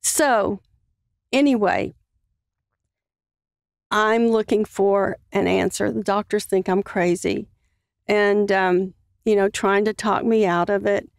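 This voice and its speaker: A woman of middling pitch tells her story on a podcast, earnest and halting, leaning on fillers as she goes. Her voice sounds dry and close, with no room around it. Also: fairly even intonation, creaky, no room sound. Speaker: podcast guest. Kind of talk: personal storytelling in a conversation.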